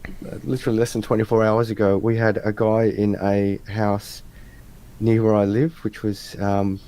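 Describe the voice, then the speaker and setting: An Australian man on a video call, telling casual anecdotes in an animated way, acting out the people in his stories. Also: lowish voice, normal speed. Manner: animated anecdote teller, acts out voices in stories. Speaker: interviewer. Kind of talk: casual storytelling chat. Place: home room with adjustable lights.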